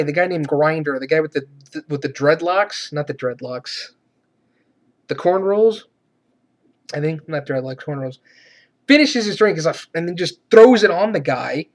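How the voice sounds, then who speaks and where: A man reviewing a movie in a profane, exasperated rant, swearing often and shouting to mock the characters. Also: a little high.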